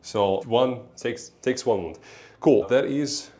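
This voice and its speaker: A man's voice: mid-range voice, slow, a little mellow, soft background music. A man with a Russian accent calling a tabletop battle casually, laughing often and correcting his own counts. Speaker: tabletop game player. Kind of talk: casual battle report play-by-play.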